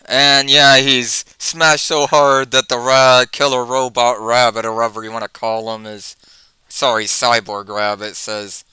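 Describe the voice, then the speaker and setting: A man's voice: medium pitch, steady tone, normal speed, pushed and bright, smooth, no echo, rough recording. A man casually reading a comic book aloud and reviewing it, with rambling asides.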